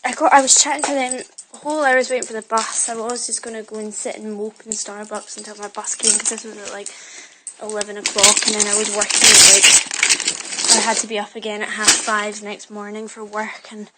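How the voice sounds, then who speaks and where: There's heavy background noise as a young vlogger, speaking into her phone at home in her bedroom, chats her way through a meandering story. She talks fairly quickly at a medium pitch with flat delivery, often stopping to correct herself or fill gaps.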